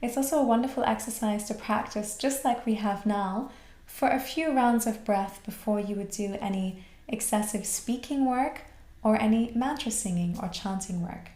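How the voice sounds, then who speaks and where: A woman from Australia teaching a voice class, guiding the breath with calm, slow cues. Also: fairly high pitch. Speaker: voice and mantra teacher. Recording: roomy echo.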